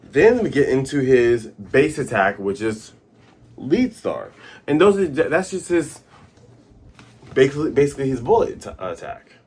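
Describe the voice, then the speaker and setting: A man recaps a comic chapter in a casual, animated way, popping out sound effects and quick character voices. His voice is husky and swings widely in pitch. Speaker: comic reviewer and host.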